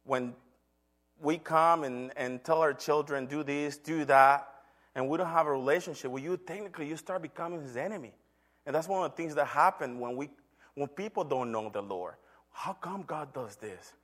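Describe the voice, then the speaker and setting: A man's voice: medium pitch, a bit bright. A middle-aged man, a church elder, giving an earnest sermon testimony told as a story. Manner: earnest, storytelling with acted quotes.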